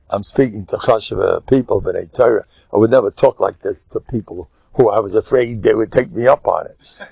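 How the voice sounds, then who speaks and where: An older man, a rabbi giving an animated lecture, emphatic with sudden loud bursts and a chatty, storytelling way. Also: mid-range voice, gravelly, dry recording.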